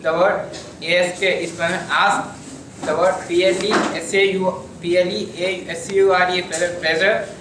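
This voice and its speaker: A young man presenting in class, spelling words letter by letter in a brisk recital. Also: sits high, flat delivery, background noise. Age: young adult. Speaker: student presenter. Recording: echoey classroom from far off.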